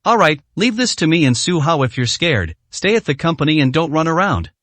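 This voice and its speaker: A woman's voice: sits low, big pitch swings, fairly quick, no echo. A male narrator voicing a stern, commanding young woman chairman in a storybook reading.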